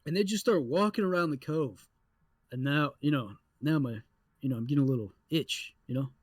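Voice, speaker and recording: A young adult man co-hosting a podcast, telling a story in a casual, animated way with lots of swearing. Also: a little high, brisk, slightly rough, no echo. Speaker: podcast co-host.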